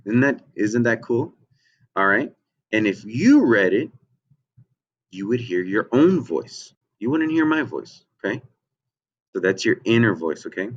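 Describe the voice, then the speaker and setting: A man's voice: on the low side, big pitch swings, a little slow, long pauses. A man from the United States teaching a children's lesson, often asking "okay?" and "right?" between ums. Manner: checks in with frequent "okay?" and "right?", many ums. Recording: dull lo-fi audio.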